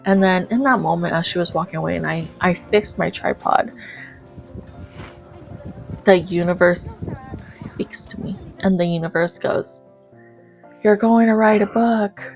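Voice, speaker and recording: A woman narrating her own life story as an author, acting out her past reactions with lively quoted lines. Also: on the low side, measured pace, vocal fry, pauses often, soft background music.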